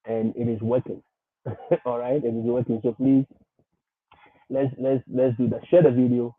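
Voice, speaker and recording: A man's voice: mid-range voice, little pitch movement, normal speed, a little hiss or hum. A man hosting a livestream and giving advice, talking emphatically, repeating his points and often laughing. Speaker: livestream host. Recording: tinny phone-like audio.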